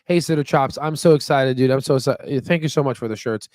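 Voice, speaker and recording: This fast-talking man has a medium pitch and a darkish tone, captured dry with studio quality. Hosting a casual stock market live stream, he rambles in an upbeat, chatty way, packing in fillers and "you know what I mean."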